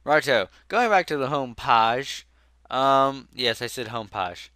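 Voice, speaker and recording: A man's voice: medium pitch, animated, takes it slowly, pushed and bright, no room sound. A young man hosting a casual comedy podcast, sarcastic and joking as he reads through a list. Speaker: podcast host.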